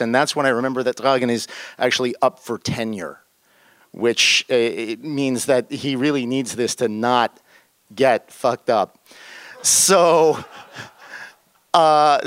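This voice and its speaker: A middle-aged man telling a story to an audience in an animated, wry and self-deprecating way. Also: mid-range voice, no echo. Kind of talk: live storytelling.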